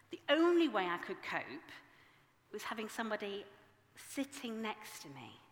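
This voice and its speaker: Animated woman preaching in echoey hall. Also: mid-range voice, moderate pace. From Yorkshire, England. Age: 40s. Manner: animated, self-mocking storytelling. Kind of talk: sermon. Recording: echoey hall with long reverb.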